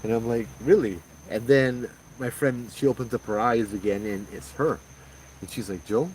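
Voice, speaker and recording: A man with a Hawaiian accent casually retelling a paranormal experience in a conversational, animated way, acting out the quoted voices. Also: mid-range voice, normal speed. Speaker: paranormal storyteller. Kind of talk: casual spoken ghost story. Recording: distant mic with faint background noise.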